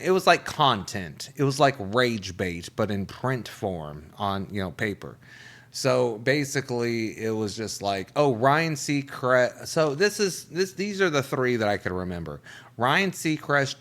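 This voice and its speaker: Man, comedy host, casual monologue, profane, swooping pitch. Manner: animated, profane, jumps into quoted voices.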